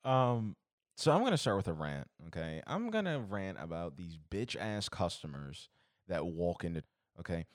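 Low-voiced man ranting, profane. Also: sing-song, normal speed, no echo, studio quality. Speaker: podcast co-host. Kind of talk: casual podcast rant.

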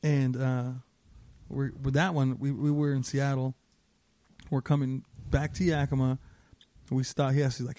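A man co-hosting a podcast, telling stories in a profane, laughing, animated way. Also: mid-range voice, normal speed. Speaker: podcast co-host. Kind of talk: casual storytelling.

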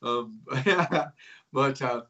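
A man's voice: mid-range voice, extremely slow, bright, forceful tone, muffled recording. A man telling stories as a guest in a casual interview, rambling and conspiratorial, with many fillers. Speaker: guest, host of his own show.

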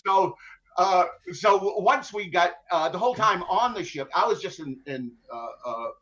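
A man's voice: high voice, animated, unhurried, sharp tone. A middle-aged ship captain telling his hostage story in a matter-of-fact way with dry humor, full of fillers and restarts. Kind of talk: conversational storytelling interview. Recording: dull lo-fi sound.

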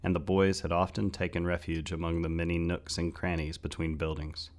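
A man with a very low, deep voice narrates a story. His reading is steady and measured, suited to an audiobook.

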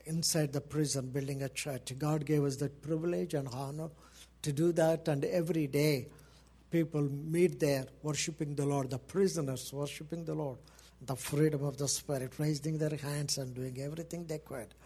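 A middle-aged man from India speaks with an Indian accent, addressing a church congregation. His voice sits a little high and he talks with fervor, repeating key phrases for emphasis. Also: steady tone, normal speed, dark tone, breathy edge. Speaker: missionary pastor.

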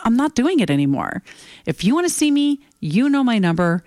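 A woman's voice: on the high side, very animated, a little fast, a little mellow, no room sound, studio quality. A woman in her fifties hosting her own show, talking candidly and bluntly in a casual solo monologue, swearing freely and getting emotional. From United States. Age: 50s. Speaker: podcast host.

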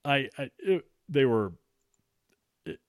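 A man's voice: mid-range voice, takes it slowly, no echo, clean studio sound. A man casually telling a story, swearing freely and restarting his sentences as he goes. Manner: swears freely, frequent restarts, animated retelling.

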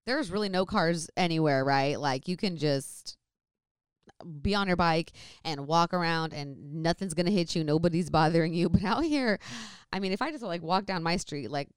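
A young woman tells a story in easygoing, chatty talk. Her voice sits low and smooth. The recording is dry and close, with no room sound. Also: no echo. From San Francisco Bay Area, California. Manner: chatty, lots of "like". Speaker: vlogger. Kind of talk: casual storytime chat.

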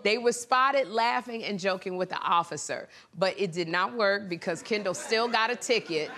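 A woman talk show host doing a comedic monologue on the news, animated and laughing, slipping into squeaky high impressions. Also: moderate pace. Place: television studio with live audience. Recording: studio audience cheering and noise behind.

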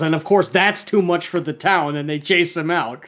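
A man's voice: on the high side, fairly even intonation, moderate pace. A man in casual podcast chat, rambling through a cartoon episode with lots of fillers and restarts.

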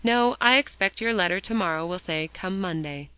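A woman voicing a firm mother who speaks calmly and reprovingly. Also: lowish voice, moderate pace, clean tone. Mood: stern. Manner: calm, reproving.

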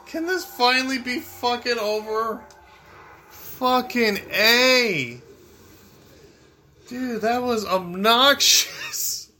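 A man's voice: very high voice, slow pace, few pauses, pushed and bright, faint music behind. A man commenting on his own gameplay, cursing, complaining and laughing in frustration at a boss fight. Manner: swearing, exasperated and laughing, talks to the game. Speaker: gamer playing a video game.

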